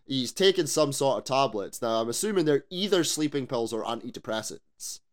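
A man co-hosting a podcast in casual chat, animated, swearing freely and asking rhetorical questions. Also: mid-range voice, normal speed. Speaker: podcast co-host.

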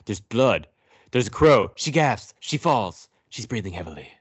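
Man, low voice, sarcastic, profane, casual movie recap, dry close mic. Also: big pitch swings, unhurried, slightly rough, no room sound. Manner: sarcastic, profane, narrating scenes. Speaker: podcast co-host.

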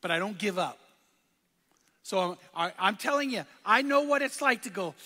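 Middle-aged pastor, high and bright tone, fervent repeating sermon delivery, long church reverb. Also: male voice, lively intonation, moderate pace. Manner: fervent preaching with repetition and call-and-response.

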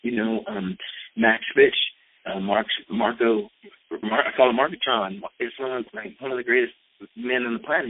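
A man in his late fifties telling a story in a casual, animated way, full of fillers. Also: mid-range voice, creaky, slightly rough. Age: 50s. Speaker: skateboarder and rapper. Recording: tinny phone-like radio sound.

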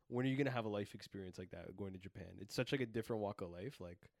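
Young man, podcast co-host, rapid talk, dry close sound, excitable and loose. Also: lowish voice, vocal fry, no room sound. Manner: loose and excitable, heavy on fillers and swearing. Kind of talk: casual chat.

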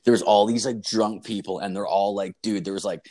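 A man's voice: fairly low pitch, fairly even intonation, fairly quick, darkish tone. A young man telling a long story in casual chat, rambling and swearing, full of "like" and "dude". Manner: rambling, profane, lots of "like" and "dude".

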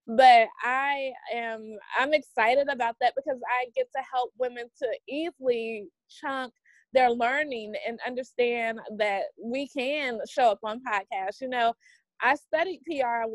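A woman's voice: fairly high pitch, no echo, rough recording. A woman in her forties with a Southern US accent, a podcast guest talking in an upbeat, motivational way. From American South. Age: 40s. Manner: upbeat, motivational, says "honey". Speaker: podcast guest, business coach. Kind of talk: conversational interview.

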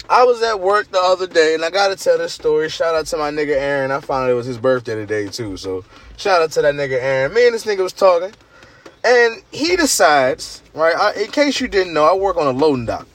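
A slightly higher-voiced man speaking. He rambles through a work story in a loose, profane monologue, jumping from loud bursts to low mutters. Faint traffic and car noise sit behind him outdoors. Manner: loose, profane storytelling with big swings in energy. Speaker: podcast host. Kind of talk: casual monologue to listeners. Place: outdoors in the rain near a parked car.

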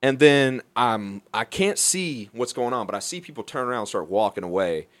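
A young man from Alabama telling a wild story in casual talk, profane and animated, often laughing. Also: medium pitch, normal speed, no room sound.

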